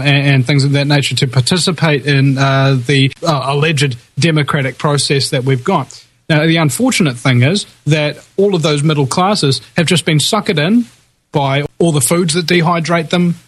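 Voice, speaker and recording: A man on a talk radio show, explaining his views at length in a thoughtful way, with many uhs. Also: a little high.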